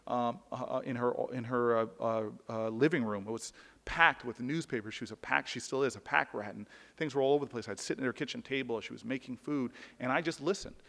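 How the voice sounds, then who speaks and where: A man tells a personal story to an audience in an earnest, searching way, often stopping to restart his sentences. His voice sits at a middle pitch for a man. A long reverb from a large hall trails every phrase. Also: fairly quick, vocal fry, fairly bright tone. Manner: earnest, with frequent restarts and repeated words. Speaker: public speaker.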